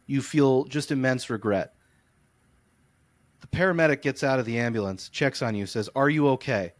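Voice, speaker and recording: A man co-hosting a podcast, telling long, animated, rambling stories in casual sports chat. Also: mid-range voice, normal speed, dry recording. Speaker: podcast co-host. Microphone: close podcast mic.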